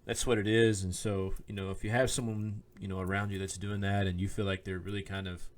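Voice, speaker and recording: A minister from Oklahoma co-hosts a faith-themed podcast, chatting casually in a lowish, level voice at a fairly quick pace. He tells personal stories, acts out the voices of people he quotes, and laughs often. It's recorded on a podcast microphone.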